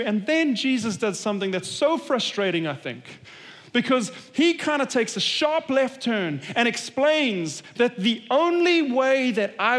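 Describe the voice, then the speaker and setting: A pastor preaches an earnest, emphatic sermon in a high-pitched voice, often dropping low and quiet to drive a point home. The long reverb of a large hall rings around his words.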